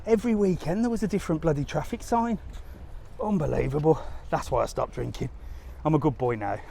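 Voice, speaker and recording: A talkative man rambles through stories as he walks outdoors, laughing now and then. His voice sits a little high for a man. A faint hum of the street runs behind him. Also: brisk, creaky, mellow. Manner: chatty, rambling storyteller, laughs often. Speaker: travel vlogger. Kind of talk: casual live-stream chat. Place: outdoors walking by a harbour.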